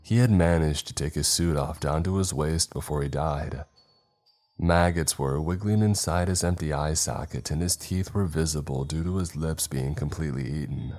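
A man narrating a first-person horror story in a tense, measured way. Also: a bass voice, darkish tone.

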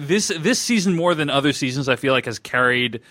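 A man's voice: mid-range voice, expressive, brisk, sharp tone, no room sound, studio quality. A man hosting a podcast, talking in a thoughtful, hesitant way with many fillers. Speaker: podcast host. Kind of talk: casual chat.

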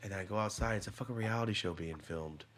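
A young man hosting a casual podcast, telling stories in an animated way with lots of swearing and acted-out quotes. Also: on the low side, fast talker. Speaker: podcast host. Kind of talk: casual chat.

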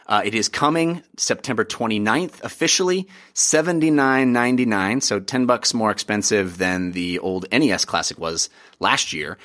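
A man hosting a podcast, upbeat and excitable, chatting casually about games with plenty of fillers. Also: fairly low pitch, moderate pace. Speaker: podcast host. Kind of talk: casual chat.

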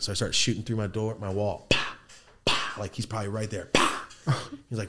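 A man hosting a podcast, telling a profane street story in a casual, animated way and acting out quotes and gun sounds in a studio. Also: lowish voice, normal speed, slight background noise. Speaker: podcast host.

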